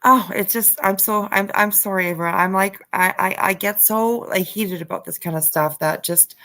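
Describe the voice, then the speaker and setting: A woman's voice: medium pitch, moderate pace, bright, forceful tone. A woman hosting a casual livestream, reading a news story aloud, greeting viewers, and getting heated and swearing, with lots of fillers and restarts. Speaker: livestream host.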